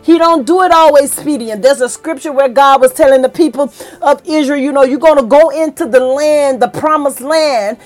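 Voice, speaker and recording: High-pitched woman preacher, emotional and fervent, folksy delivery, soft music under her. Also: moderate pace, hardly any pauses. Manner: fervent, emotional, rising to excited peaks. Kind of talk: sermon.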